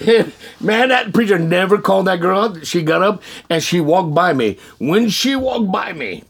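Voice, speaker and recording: Gravelly, husky male storyteller. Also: a little high, normal speed. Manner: animated, laughing storyteller who acts out dialogue. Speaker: guest telling his testimony. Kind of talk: casual spoken storytelling.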